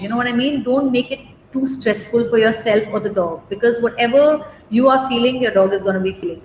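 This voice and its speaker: Casting: woman groomer, chatty, reassuring, roomy echo, faint noise behind. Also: on the high side. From India. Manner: chatty, reassuring, many fillers and "okay?" checks. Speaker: dog groomer. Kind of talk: live demo and Q&A.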